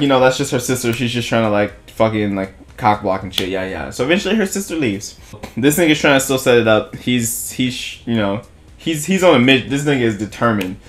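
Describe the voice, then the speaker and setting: A young man vlogging a long, casual story, laughing a lot, swearing freely and acting out what people said. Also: medium pitch. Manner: animated, laughing, profane storytelling with voiced quotes.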